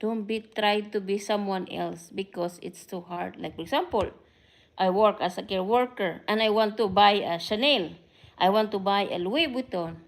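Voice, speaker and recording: Speaking at normal speed in a mid-range voice, a middle-aged vlogger and care worker from the Philippines talks into a camera mic during a live stream. Tagalog is her first language; she has a Filipino accent, slips Tagalog into the casual chat, and calls out viewers by name.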